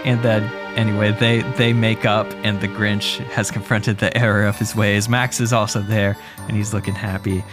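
A man's voice: fairly low pitch, level tone, normal speed, few pauses, over music. A man co-hosting a comedy podcast, animatedly retelling a story and acting out the characters. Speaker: podcast co-host.

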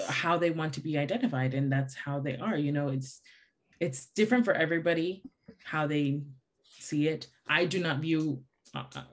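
A young adult woman co-hosting a casual book-club podcast, talking fast and chatty. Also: deep voice. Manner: fast, chatty, calls people "babes". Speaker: podcast co-host.

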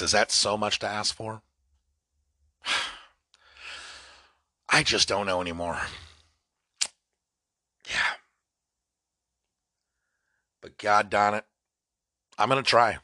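A young man hosting a comedy podcast, rambling through a solo monologue that swings from mock-dramatic outbursts to low mutters. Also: sharp tone, dry recording, studio quality. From California. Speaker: podcast host.

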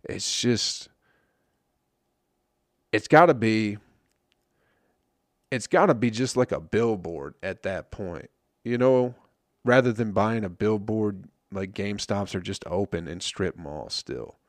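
Young man, low gravelly voice, profane rambling podcast host, dry close sound. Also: animated, slow pace, long pauses, no room sound. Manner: rambling, profane, wry and self-mocking. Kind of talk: casual solo podcast rant.

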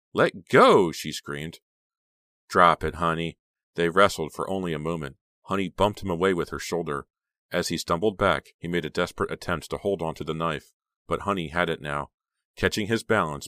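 A man reads a horror novel aloud in a steady, dramatic way. His voice is very deep. It is recorded close and dry, with no room sound. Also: no room sound. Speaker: audiobook narrator. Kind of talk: scripted horror audiobook narration.

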